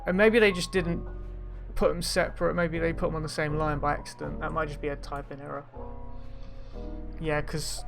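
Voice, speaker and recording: A man's voice: fairly high pitch, gravelly. A man from England reacts to a video in a casual, chatty way. He jumps in to question what he has just heard and argues his point. Faint music plays under his voice. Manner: animated, quick to interrupt and question.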